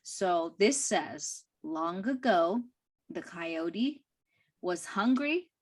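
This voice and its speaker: A woman teaching a language class, reading a short story aloud line by line and explaining it slowly and carefully. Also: lowish voice, expressive. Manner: slow, careful, with fillers and soft laughs.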